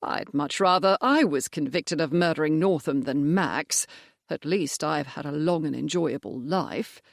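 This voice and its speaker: A genial older village rector speaks gently in an audiobook, voiced by the narrator. His gravelly voice sits close and dry, without any room echo. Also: a little high, a little slow. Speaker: character in an audiobook. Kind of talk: audiobook character voice.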